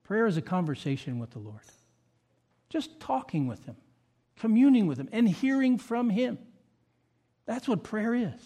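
A pastor delivering a sermon, moving between loud, emphatic points and quiet, reflective asides. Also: male voice, sits high, big pitch swings, normal speed, pauses often.

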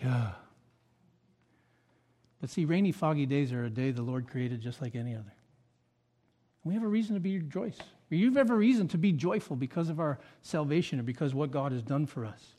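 A pastor delivering a sermon, moving between loud, emphatic points and quiet, reflective asides. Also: male voice, fairly high pitch, expressive, fairly quick.

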